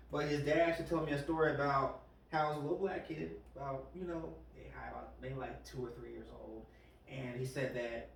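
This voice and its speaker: A man's voice: mid-range voice, gravelly, slight background noise. Male podcast host, loose rambling delivery, recorded off-mic in a roomy space. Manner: rambling, retells stories with quoted voices. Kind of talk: casual podcast chat. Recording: echoey room, far from the mic.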